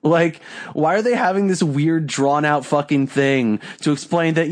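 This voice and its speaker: Profane, ranting young man, slightly high. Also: a little slow. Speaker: podcast co-host. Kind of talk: casual chat.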